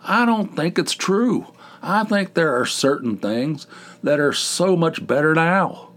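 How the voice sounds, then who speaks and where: This podcast host speaks in a fairly high, slightly bright voice with lively intonation, taking his time. He rambles casually through a self-deprecating solo monologue, restarting often in a big, dopey voice.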